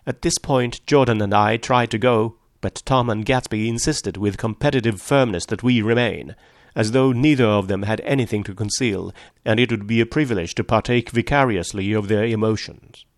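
A man narrating a classic novel in a measured, low-key reading. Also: gravelly, no echo, studio quality. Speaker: audiobook narrator. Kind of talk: literary audiobook narration.

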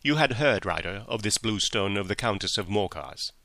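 A man reading an audiobook, voicing a calm, commanding male detective who speaks quietly and sternly. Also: fairly low pitch, normal speed, gravelly, no echo, heavily acted. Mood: cool stern.

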